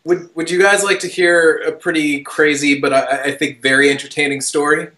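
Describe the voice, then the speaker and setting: A young man hosting a podcast, telling a long story in casual, rambling chat, full of fillers, restarts and casual swearing, shouting out the quoted lines. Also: fairly high pitch, moderate pace. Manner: animated, loose storyteller with many fillers and restarts. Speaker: podcast host.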